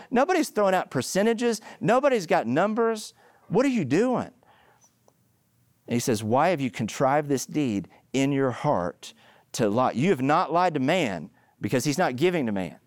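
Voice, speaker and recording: Animated male preacher, dry close sound. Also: a little high, moderate pace, no echo. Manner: animated storytelling, rising to loud emphatic peaks. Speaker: pastor. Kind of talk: sermon.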